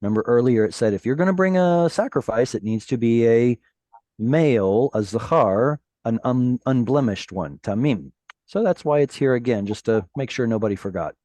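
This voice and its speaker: A man teaching a Hebrew class over a video call, patiently explaining words and reading verses slowly. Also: medium pitch, expressive, mellow, no room sound.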